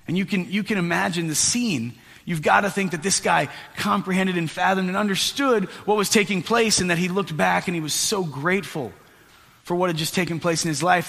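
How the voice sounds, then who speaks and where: A man preaching a sermon as pastor, telling a story in an animated way with voiced asides. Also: high voice, creaky. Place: church sanctuary. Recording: echoey hall with long reverb.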